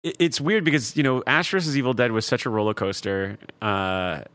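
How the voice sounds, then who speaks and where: A man's voice: mid-range voice, a little fast, a bit bright, dry recording. A man co-hosting a podcast in casual chat, hesitant and stammering as he restarts his thoughts. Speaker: podcast co-host.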